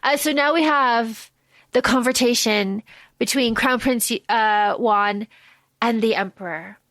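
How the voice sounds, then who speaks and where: High-pitched woman dramatically retelling a film. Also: measured pace, no echo. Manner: expressive storyteller, voices the characters' arguments with emphasis. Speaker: podcast co-host. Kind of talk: casual chat recapping a film.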